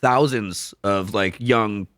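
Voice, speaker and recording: A man co-hosting a casual podcast, jumping in with animated, profane asides. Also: lowish voice, slow pace, no room sound, studio quality. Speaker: podcast co-host. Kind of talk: casual history podcast chat.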